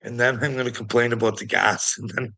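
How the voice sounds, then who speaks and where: A man's voice: medium pitch, little pitch movement, fairly quick, pushed and bright. A man ranting casually to his viewers, swearing constantly, rambling and laughing between thoughts. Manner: profane, rambling, laughing often.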